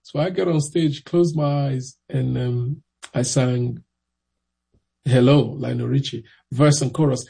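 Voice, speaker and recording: Gravelly storytelling man. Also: mid-range voice, measured pace, rough recording. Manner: animated, acts out voices of people in his story. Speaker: interviewee. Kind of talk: casual storytelling.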